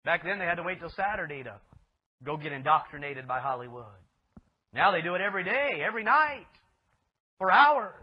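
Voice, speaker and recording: A man's voice: sits high, sing-song, fairly quick, pauses often, slightly rough. A male pastor preaching a sermon with emphatic delivery, asking rhetorical questions of his listeners. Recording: dull lo-fi recording.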